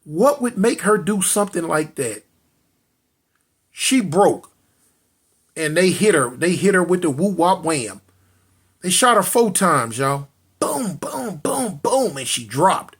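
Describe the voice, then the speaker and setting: A man's voice: fairly high pitch, expressive, a little slow, pauses often, fairly bright tone, breathy edge. A man telling a street story dramatically, repeating lines, calling out to listeners and voicing gunshot sounds. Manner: addresses listeners directly.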